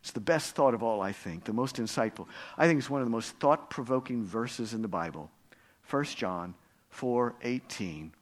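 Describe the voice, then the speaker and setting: A male pastor preaching a sermon, earnest and storytelling, swinging between hushed low passages and loud, emphatic climaxes. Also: expressive, moderate pace.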